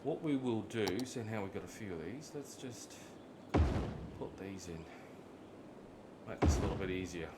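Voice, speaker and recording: A man's voice: fairly low pitch, heavy background noise. A man with an Australian accent, chatting casually while streaming a city-building game and drifting into rambling stories full of slang. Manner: relaxed, rambling storyteller with slang. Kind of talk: casual live-stream commentary.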